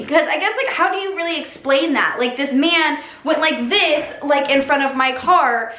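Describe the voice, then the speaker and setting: A young woman recounts a story to her viewers in a rambling, chatty way, her voice sitting slightly high. She restarts sentences constantly and keeps calling out to the audience. The room around her gives a noticeable echo. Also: lively intonation, normal speed, few pauses, bright, forceful tone. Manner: rambling, many likes and restarts, addresses viewers as you guys. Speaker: YouTuber telling a story. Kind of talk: casual story time to camera.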